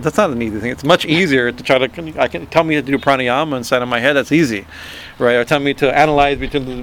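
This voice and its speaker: A man giving an informal spiritual talk, halting and repeating himself, often checking in with a quick "right?" and chuckling as he explains. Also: mid-range voice, creaky, a little hiss or hum. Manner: halting, repeats words, frequent "right?" asides. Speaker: spiritual teacher.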